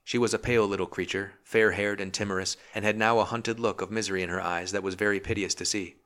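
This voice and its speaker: A man reads a historical novel aloud, calm and measured. His voice sits very low. The narration is even and unhurried, for a long listen. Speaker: audiobook narrator. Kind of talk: scripted narration.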